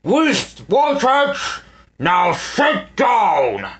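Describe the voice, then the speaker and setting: A man voicing a grotesque, greedy male villain who lisps and hisses, drawing out his shouted commands. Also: high-pitched, huge pitch swings, drawn-out words, voice pushed up, full character voice. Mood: gloating. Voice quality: lisping, hissing.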